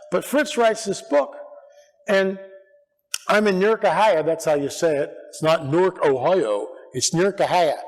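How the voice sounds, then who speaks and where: Animated man telling stories in church. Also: on the high side. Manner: animated, acts out quotes, restarts often. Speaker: conference speaker. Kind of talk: storytelling church talk. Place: church sanctuary. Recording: echoey church hall.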